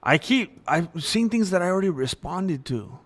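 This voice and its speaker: A man's voice: sits high, expressive, moderate pace. A young man hosting a livestream, talking candidly and rambling in casual chat with viewers. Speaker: livestream host.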